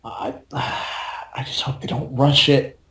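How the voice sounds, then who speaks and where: A podcast co-host chats casually, rambling, swearing freely and laughing often. He has a medium, level, fairly bright voice and a slow pace, with roomy echo on the recording.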